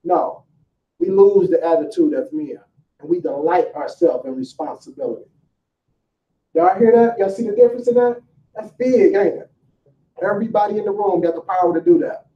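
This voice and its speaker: High-voiced man preaching to a room. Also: slight background noise. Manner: emphatic and preachy, with rhetorical questions to the crowd; colloquial, casual street phrasing. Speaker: motivational speaker. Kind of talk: motivational speech to a live room. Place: large room with a live audience. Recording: echoey room, distant and dull.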